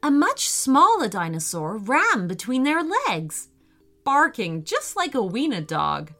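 A woman reading a children's story aloud in a gentle, expressive way. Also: sits high, takes it slowly, soft background music.

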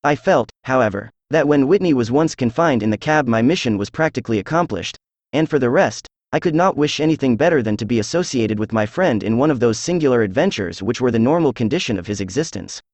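A synthesized male voice narrating a classic story as an audiobook, reading in an even way with little change between characters. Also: mid-range voice, quick pace, no room sound.

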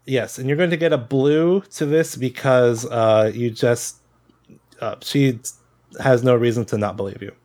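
A man's voice: mid-range voice, measured pace, a little mellow. A man acting as game master, patiently explaining dice rules in a casual way.

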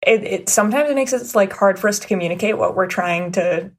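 A woman's voice: medium pitch, fairly quick, breathy edge. A woman from a band chatting casually about touring and her band's music, laughing between remarks. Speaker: band member. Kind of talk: casual chat.

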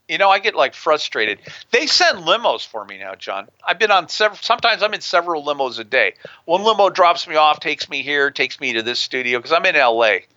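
A brash man telling a story in an interview, swearing freely. His voice is raised and bright, and it swings up and down with a lot of animation. The recording is dry and a bit dull. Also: a little high, very animated, brisk, no echo. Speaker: guest, prison consultant. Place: near a big city on the US West Coast.

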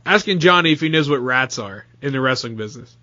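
Animated storytelling podcast host, a man. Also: mid-range voice, fast talker, no room sound, highs cut off. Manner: animated storyteller, stammers when excited. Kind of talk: casual banter.

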